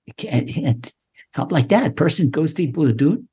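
A husky man gives an impassioned Torah lesson as a rabbi. He repeats his key phrases over and over, and his voice climbs higher as he presses each point. The delivery is fervent and earnest. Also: lively intonation, normal speed, warm tone. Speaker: rabbi teaching a weekly class.

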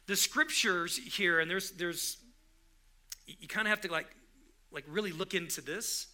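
A man's voice: high voice, pushed and bright. A man preaching a sermon in a conversational way, often restarting his sentences and rising to emphatic bursts. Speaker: pastor.

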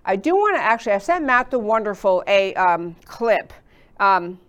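A woman's voice: mid-range voice, very animated, moderate pace, clean tone. A woman hosting a political talk show, rambling through her commentary with many fillers and restarts. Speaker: show host.

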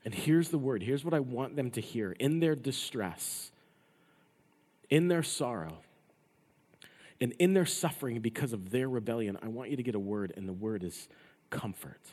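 Guy preaching a sermon, gets loud then drops real quiet, long echo from a big hall. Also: lively intonation, normal speed, breathy edge. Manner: swings from loud emphatic passages to hushed low phrase endings. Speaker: pastor. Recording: long reverb of a large hall.

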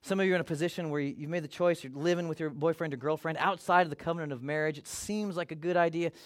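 High-voiced preaching pastor, man. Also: fairly even intonation, fast. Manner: conversational preaching, acts out quoted voices. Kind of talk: sermon.

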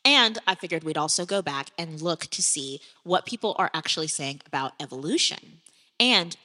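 Low-voiced, enthusiastic woman host, echoey. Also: lively intonation, normal speed, pushed and bright. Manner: enthusiastic, agreeable. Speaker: podcast host. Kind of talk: casual podcast chat and scripture reading. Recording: roomy with long reverb.

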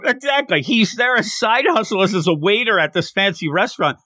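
A man hosting a podcast, recapping a manga chapter in a casual, animated way and acting out the characters' lines. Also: high-pitched, brisk, no echo, clean studio sound. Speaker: podcast host.

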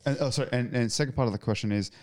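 A man's voice: medium pitch, racing, no room sound, studio quality. A man, a podcast host who talks casually and hesitantly, often restarting sentences as he tells stories. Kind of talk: casual interview chat.

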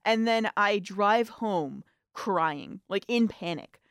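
A woman's voice: mid-range voice, animated, takes it slowly, clean tone, no room sound, clean studio sound. A woman in her twenties co-hosting a college radio show, telling a story in casual chat and acting out the lines she quotes. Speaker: radio co-host. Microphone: studio microphone.

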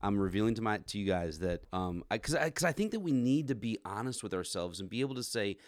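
A man's voice: lowish voice, lively intonation, fast, dry recording, clean studio sound. A man in his forties hosting a podcast, telling a candid story about his marriage in a self-deprecating way. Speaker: podcast host. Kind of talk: candid conversation.

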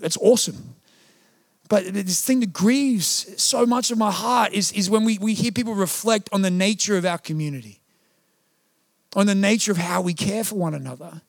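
Young Aussie male pastor, gravelly, storytelling sermon style, dry close sound. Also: a little high, no echo. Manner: passionate, conversational preaching with anecdotes. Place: church.

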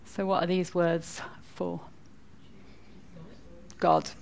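A woman's voice: on the low side, level tone, very slow, gravelly, darkish tone, a little hiss or hum. A woman from northwest England with a Mancunian accent, giving a chatty church talk and quizzing the congregation. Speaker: preacher.

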